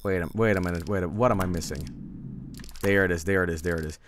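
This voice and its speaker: A man's voice: low-pitched, steady tone, fast, slight background noise. A man from Sweden with a Swedish accent, casually rambling and swearing while commenting on a game stream.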